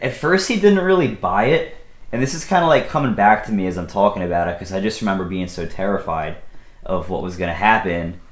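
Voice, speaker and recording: Young guy with a low voice, loose and rambling storyteller, recorded in an echoey room. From Pennsylvania. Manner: rambling, full of fillers and restarts. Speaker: vlogger telling a personal story. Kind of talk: casual storytelling.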